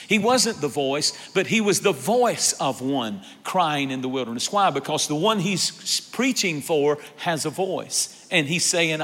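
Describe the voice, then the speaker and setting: A man's voice: fairly high pitch, expressive, unhurried, few pauses, fairly bright tone, big-room sound. A man preaching a sermon as pastor, emphatic, repeating phrases and calling on the congregation for an amen.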